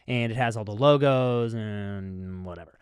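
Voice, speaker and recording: A man hosting a comedy podcast, telling a rambling story with deadpan, mock-serious asides. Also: on the low side, measured pace, smooth, no echo, clean studio sound. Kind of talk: comic storytelling.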